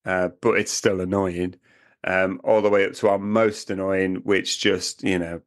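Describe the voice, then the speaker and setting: A British man co-hosts a camping podcast in casual chat, chatty and joking and putting on silly accents. His voice is low, with little pitch movement and a slightly slow pace.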